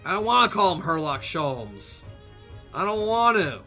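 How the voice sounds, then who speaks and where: A man's voice: high-pitched, very animated, measured pace, over music. A man streaming a game, joking irreverently and swearing freely as he comments. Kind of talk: let's-play commentary.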